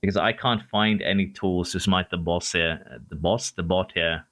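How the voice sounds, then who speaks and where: A man streaming a racing management game, talking excitedly to his drivers and reading chat. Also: low voice, moderate pace. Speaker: gaming streamer. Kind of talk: live game commentary.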